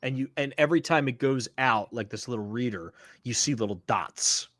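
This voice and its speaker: A man's voice: mid-range voice, moderate pace, a bit bright, dry recording, clean studio sound. A man narrating as game master of a tabletop game, in a casual, chatty way with plenty of fillers.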